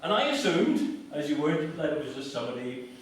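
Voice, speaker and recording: A man's voice: a little high, big pitch swings, fairly quick, slight background noise. Man telling stories in a hall. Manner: conversational, storytelling, self-mocking. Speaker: guest speaker. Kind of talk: anecdotal public talk. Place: lecture hall. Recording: echoey hall from far off.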